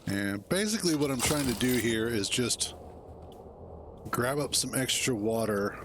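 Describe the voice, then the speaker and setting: A man in the middle of a gameplay stream, talking slowly and easily at an ordinary pitch. He rambles from one thought to the next and chuckles to himself. Loud game sounds run under his voice. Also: animated, slight background noise. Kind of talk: casual gameplay commentary.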